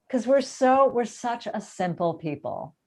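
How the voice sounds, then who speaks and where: A woman from the United States hosting a casual interview chat, chatty and self-deprecating, laughing often. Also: on the high side. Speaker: podcast host.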